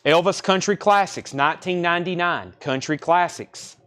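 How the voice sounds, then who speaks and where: A man running a live-stream record sale from behind a shop counter. He reels off album titles and prices in a quick, matter-of-fact patter and says them twice. His voice sits a little high for a man. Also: a bit bright. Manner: brisk, repeats titles and prices. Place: record store.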